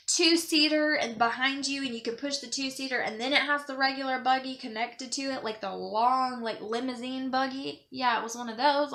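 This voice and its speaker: Young woman vlogger, bright raspy-edged voice, earnest and emotional, rambling monologue. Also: fairly high pitch. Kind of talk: casual monologue to camera.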